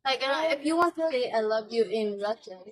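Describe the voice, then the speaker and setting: A woman's voice: a little high, normal speed. A woman chatting playfully with friends, laughing often and switching between languages. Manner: giggly, animated, switching languages. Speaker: friend in casual group chat. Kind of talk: casual chat, playful language teaching.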